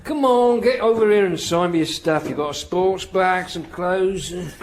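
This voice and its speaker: A man plays a sneering, casual prison officer with a British accent. His voice sits high for a man. Faint ambient noise hums behind him in this radio play. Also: normal speed, natural voice. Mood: brusque.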